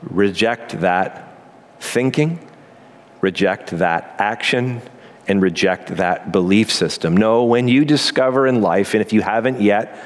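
A man preaching a sermon as pastor, earnest and emphatic, with quick asides and slow pauses. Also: fairly low pitch, slight background noise.

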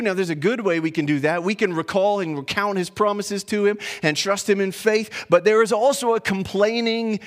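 High-voiced man preaching a casual sermon. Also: fairly even intonation, normal speed. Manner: informal, repeats words as he thinks, asks listeners questions. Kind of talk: conversational expository sermon.

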